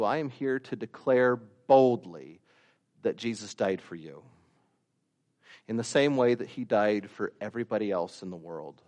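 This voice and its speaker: A man preaching a sermon, slow and deliberate, rising to loud emphatic peaks and dropping to quiet asides. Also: medium pitch. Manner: slow, deliberate delivery with long pauses.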